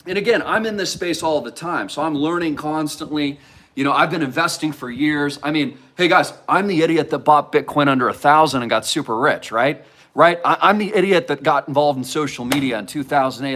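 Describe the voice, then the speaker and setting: A man in his thirties delivers an energetic, pitch-heavy hype monologue straight to his audience. His voice sits a little high for a man and swoops constantly as he works himself up. He peppers everything with casual fillers and mild curse words. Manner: excitable, salesy, heavy use of "like" and "freaking". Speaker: crypto investment channel host.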